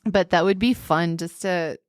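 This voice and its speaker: Female podcast co-host, lively storyteller, dry close sound. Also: lowish voice, measured pace, dry recording. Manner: animated storyteller, acts out quoted voices. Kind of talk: casual chat.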